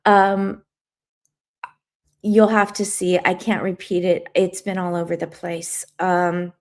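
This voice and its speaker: A woman's voice: fairly low pitch, flat delivery, takes it slowly. Tearful woman chatting on a livestream. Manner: tearful, earnest, reads viewer comments aloud. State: crying. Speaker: livestream host. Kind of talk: emotional livestream chat reading comments.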